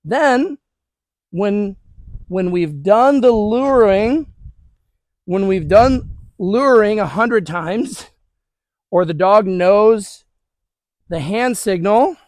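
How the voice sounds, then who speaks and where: High-voiced man giving casual dog training tips. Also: expressive, very slow, pauses often, no echo. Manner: casual and encouraging, talking to viewers while working a dog. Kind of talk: hands-on training demonstration. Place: outdoors on a training property.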